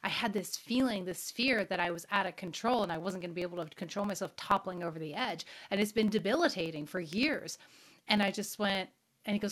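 This middle-aged spirituality show host talks fast in a mid-range, fairly bright voice. She tells a personal story frankly, with casual swearing and questions aimed at her audience.

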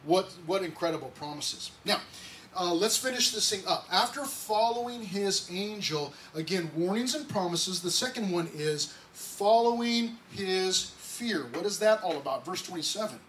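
High-voiced excitable pastor preaching. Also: male voice, moderate pace. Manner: excitable, conversational preaching with frequent restarts. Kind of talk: sermon. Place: church sanctuary. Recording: distant mic, faint background noise.

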